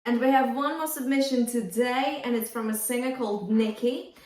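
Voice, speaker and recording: A woman's voice: on the high side, moderate pace, darkish tone. Roomy-sounding woman vocal coach. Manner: encouraging, demonstrative, sings short phrases to show. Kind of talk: singing lesson feedback with sung demonstrations. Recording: roomy, from a distance.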